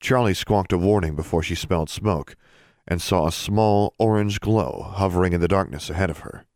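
Deep-voiced male audiobook narrator. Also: normal speed, dry recording, studio quality. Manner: steady storytelling with expressive dialogue.

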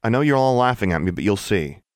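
A man's voice: fairly low pitch, expressive, quick pace, no room sound, clean studio sound, voice pushed up, natural voice. A man voicing an earnest teenage girl who believes she can see the future.

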